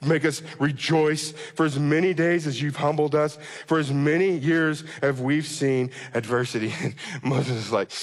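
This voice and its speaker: A man's voice: on the high side, fairly even intonation, normal speed. A man preaching a sermon with passion, often acting out a pleading prayer. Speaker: pastor. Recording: long reverb of a large hall.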